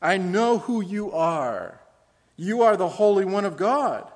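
A defiant evil spirit cries out loudly in a raised, strained voice, as a male preacher puts it on. The sound carries a long hall reverb behind it. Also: high voice, lively intonation, slow pace, voice pushed up. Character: shrieking evil spirit possessing a man.

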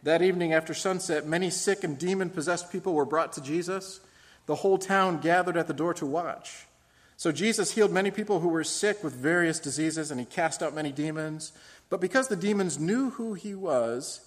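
A male pastor with a fairly high voice preaches a morning sermon, telling the stories with dramatic swings between loud and soft. He often asks the congregation questions. His voice rings through a church hall with a long reverb. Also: lively intonation, normal speed.

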